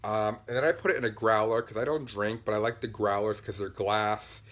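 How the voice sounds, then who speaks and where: A man's voice: fairly low pitch, steady tone, a little fast, fairly bright tone. A man hosting a casual podcast, chatting in a rambling, upbeat way with lots of fillers, buzzing on caffeine. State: buzzing on caffeine, talking fast. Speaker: podcast host. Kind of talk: casual show-and-tell chat.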